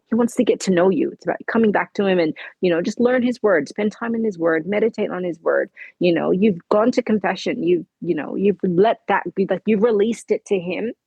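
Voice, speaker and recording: Aussie woman, lowish voice, a bit husky, dry sound, telling her story all earnest. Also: a little mellow, no echo, dull audio. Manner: earnest storytelling, acting out dialogue. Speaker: podcast guest. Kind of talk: conversational interview.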